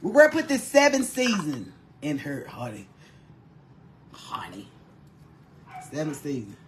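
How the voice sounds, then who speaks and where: A woman's voice: low voice, wildly swooping pitch, measured pace, roomy sound, noisy background. Bawdy honey-calling woman cooking on camera. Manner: bawdy storytelling, calls everyone honey, laughs a lot. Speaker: cooking vlogger. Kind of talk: casual cooking vlog chat.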